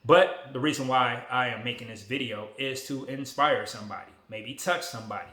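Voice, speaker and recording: A man in his forties talking casually to a phone camera, relaxed, emotional and motivational. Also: mid-range voice, brisk, echoey room. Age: 40s. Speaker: vlogger.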